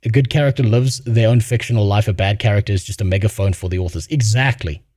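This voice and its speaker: A man's voice: lowish voice, fast, darkish tone, no echo. Profane ranting streamer man, dry sound. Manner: blunt, swears a lot, laughs while telling stories. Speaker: streamer reacting to a video. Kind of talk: casual profane rant.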